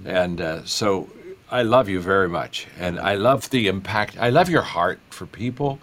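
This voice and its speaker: A man's voice: sits low, unhurried, a bit bright. An older man, a guest author, speaking in a folksy, enthusiastic way with many repetitions. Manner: folksy, enthusiastic storyteller who repeats himself. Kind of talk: interview conversation.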